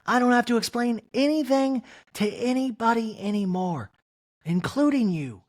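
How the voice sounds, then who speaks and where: A man's voice: very high-pitched, animated, normal speed, pitched above the performer's own voice. A man voicing an irritated, defiant middle-aged reality-TV wife in a mockingly dramatic way.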